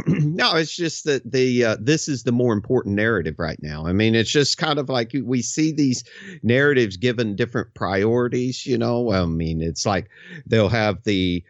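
A man giving measured, dismissive opinions as a co-host in a commentary chat. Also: medium pitch, dry recording, dull audio.

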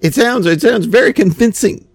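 A man's voice: extremely high pitch, moderate pace, creaky, slightly rough, dry recording. A man giving a rambling, sarcastic opinion monologue, stammering and repeating himself. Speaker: commentator.

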